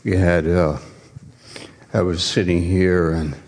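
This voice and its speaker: A man starting to speak haltingly, with hesitant pauses. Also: low voice, level tone, darkish tone, in a large hall.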